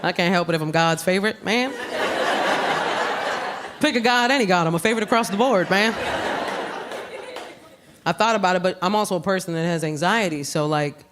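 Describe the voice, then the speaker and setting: A woman with a New York accent performing live stand-up comedy, brash and animated, with sudden loud jumps on her punchlines. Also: lowish voice. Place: comedy club stage with audience. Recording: live club recording with room noise.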